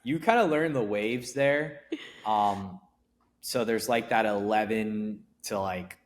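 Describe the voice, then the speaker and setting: A man's voice: lowish voice, slow. A middle-aged man chatting casually as a podcast guest, rambling with restarts and fillers. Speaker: event company founder, podcast guest. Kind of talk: casual interview chat.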